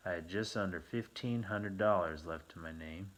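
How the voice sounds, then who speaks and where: A man with a very low, deep voice narrating an adventure novel in the first person. His delivery is measured and steady, like a seasoned audiobook reader.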